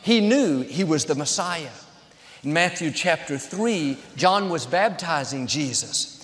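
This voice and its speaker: A high-pitched male pastor delivers a sermon in short, repeated phrases that build toward each point. His voice rings out with a long reverb, as if filling a large hall. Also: expressive, takes it slowly, a bit bright.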